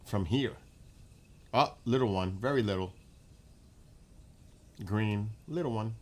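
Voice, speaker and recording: Hushed New York man chatting at night. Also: on the low side, a little slow, pauses often. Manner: relaxed, rambling, chatty with viewers, often hushed. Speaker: livestream host. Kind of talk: casual late-night livestream chat. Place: outdoors at night in front of a rural house.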